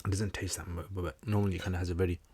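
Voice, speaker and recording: A man hosting a casual livestream Q&A, answering religious questions and reading viewer comments in a relaxed, joking manner. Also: deep voice, racing, slight background noise.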